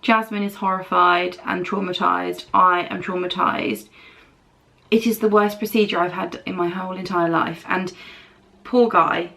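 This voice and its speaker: A woman's voice: lowish voice, steady tone, a little slow, gravelly, sharp tone. A young British woman vlogger telling a rambling story while doing her makeup, acting out other people's lines as she goes. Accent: British English. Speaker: beauty vlogger. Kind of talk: chatty get-ready-with-me storytelling.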